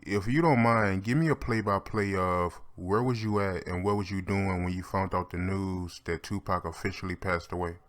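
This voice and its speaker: A man's voice: sits low, normal speed, hardly any pauses. A male interviewer asking direct, plainly worded questions.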